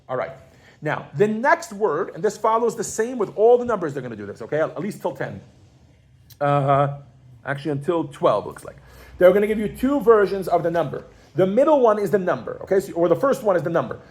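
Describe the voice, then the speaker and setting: A man's voice: high voice, sing-song, brisk. A man teaching a beginners' Yiddish class to a group, playful and joking as he leads them through counting. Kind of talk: classroom lesson. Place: classroom with a group of adult learners.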